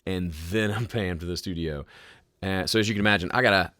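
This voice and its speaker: A man hosting a casual live question-and-answer podcast, with a smooth, polished speaking voice and a relaxed, conversational way of explaining. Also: sits low, brisk, no room sound, clean studio sound. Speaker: host answering viewer questions. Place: home studio.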